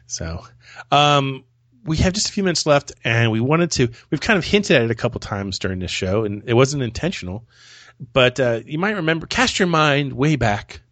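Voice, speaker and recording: A man hosts a relaxed podcast chat, easygoing and a bit rambling. He often restarts his sentences with repeated words. His voice sits in an ordinary middle pitch, recorded close and dry. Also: moderate pace, no room sound. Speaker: podcast host.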